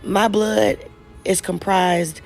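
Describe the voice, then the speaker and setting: A woman's voice: mid-range voice, fairly even intonation, takes it slowly, darkish tone, faint music behind. A woman giving reaction commentary to a viewer comment, pointed and lecturing. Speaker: commentary creator.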